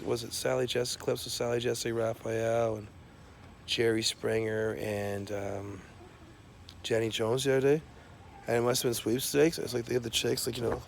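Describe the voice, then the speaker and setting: A man's voice: mid-range voice, gravelly, a little mellow, slight background noise. A man delivering a profane, rambling comic rant full of fillers and restarts. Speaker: self-described scientist.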